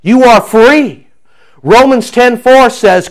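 A man preaching a sermon, emphatic and repetitive, swinging from loud declarations to hushed prayer. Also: very high voice, slow. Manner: repeats phrases for emphasis. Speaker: pastor.

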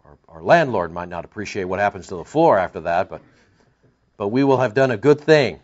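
A man's voice: on the low side, animated, brisk, darkish tone. A man preaching an expository Bible-teaching sermon in a conversational, wry way, with sarcastic asides and emphatic bursts. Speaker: pastor. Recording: dull lo-fi sound.

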